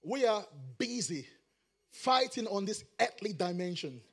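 A middle-aged male pastor preaching a sermon, rising into shouted, sing-song emphasis. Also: high-pitched, lively intonation, unhurried.

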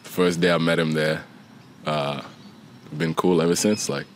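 A young man guest on a podcast, talking in a relaxed, joking, slangy way. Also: rumbling low, moderate pace, a little hiss or hum. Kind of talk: casual chat.

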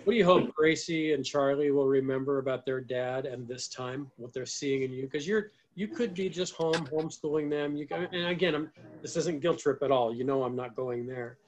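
A man's voice: medium pitch, normal speed, poor audio. A man hosting an interview, friendly and encouraging, asking long questions. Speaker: podcast host. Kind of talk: interview conversation.

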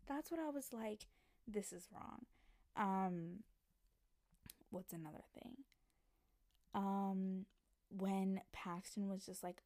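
Animated young woman podcaster, dry sound. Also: medium pitch, takes it slowly, long pauses, dry recording. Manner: animated, excitable storytelling with quoted voices. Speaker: podcast host. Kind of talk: casual chat.

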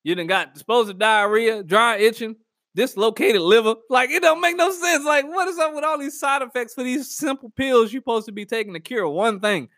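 A man riffing through a casual comedic monologue, animated and rambling, laughing at his own jokes. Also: extremely high pitch, fairly quick, dry recording, studio quality. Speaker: comedic vlogger.

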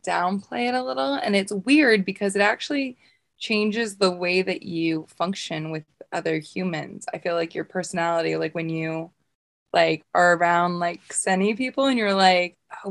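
Excitable woman podcast co-host. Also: fairly low pitch, creaky. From North America. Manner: excitable, animated, many fillers. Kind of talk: casual chat.

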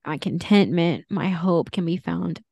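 A woman's voice: fairly low pitch, a little slow, gravelly, mellow, dry recording, clean studio sound. A woman co-hosting a faith podcast, talking in an earnest, confessional way with fillers and small laughs. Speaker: podcast co-host. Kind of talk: casual faith chat.

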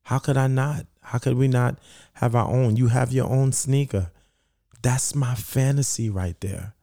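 A man's voice: medium pitch, measured pace, creaky, dark tone, no echo, studio quality. A middle-aged man, telling his story in an interview in an earnest voice that repeats itself and acts out quoted dialogue. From Brooklyn, New York. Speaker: founder of a sneaker charity.

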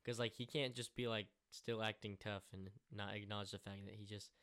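A man's voice: on the low side, steady tone, brisk, fairly bright tone. A young man co-hosting a podcast, bantering casually and crudely, laughing often. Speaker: podcast co-host.

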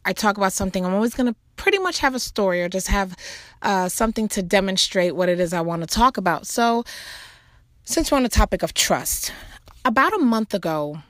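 A woman, a mother, talking casually about faith and trust, telling a rambling personal story full of "you know" asides and animated jumps in her voice. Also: medium pitch, brisk, dry recording. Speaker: mother sharing a faith talk.

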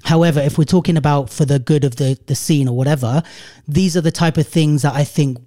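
Mellow-voiced man in casual podcast chat. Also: a little high, steady tone, a little fast. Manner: rambling, thinks aloud with many restarts. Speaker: podcast host.

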